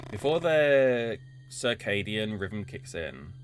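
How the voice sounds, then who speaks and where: Lively low-voiced man reading a game. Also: takes it slowly, slight background noise. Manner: reads narration evenly, then chats and swears in asides. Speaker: streamer playing a game. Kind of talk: reading game text aloud with casual commentary. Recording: game music behind the voice.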